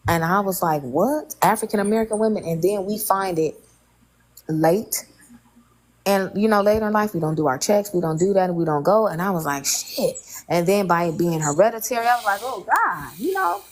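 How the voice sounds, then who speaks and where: A woman's voice: fairly low pitch, normal speed, rough recording. A woman in her late thirties telling a personal story in casual chat, candid and colloquial, with strong feeling. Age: 30s.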